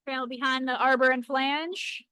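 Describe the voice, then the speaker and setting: A woman's voice: sits high, fairly even intonation, unhurried, sharp tone, clear, resonant tone, no echo, poor audio. A woman filming with a handheld camera in an indoor workshop, chatting playfully and correcting herself as she shows off cut stones by a rock saw. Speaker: lapidary shop co-host filming. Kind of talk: casual chat while demonstrating.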